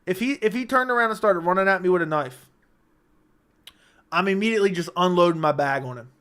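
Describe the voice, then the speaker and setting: A young man with a slightly high-pitched voice hosts a late-night livestream. He talks in loose, brash banter, swearing freely and joking with his chat. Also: fairly quick, fairly bright tone, clear, resonant tone. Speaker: livestream host.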